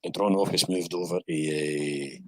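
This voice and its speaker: An older Scottish man with a low, husky voice chats on a podcast, spinning long anecdotes and chuckling as he goes. The sound is dry and close. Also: fairly even intonation, moderate pace, a bit bright, no echo, low-quality recording. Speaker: podcast guest. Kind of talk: casual podcast chat.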